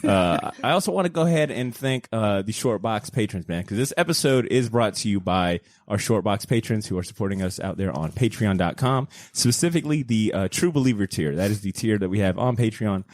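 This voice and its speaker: A man's voice: fairly low pitch, lively intonation, brisk, hardly any pauses, darkish tone, dry recording, studio quality. A man hosting a comic book podcast, joking loosely and tripping over words as he laughs. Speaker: podcast host. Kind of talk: casual chat.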